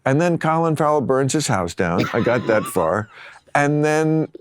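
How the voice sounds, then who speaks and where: A middle-aged man hosting a podcast, chatting casually and telling stories with animated swings and frequent laughs. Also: medium pitch, unhurried, slight background noise. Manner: animated storytelling, laughs often. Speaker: podcast host. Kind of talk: casual chat.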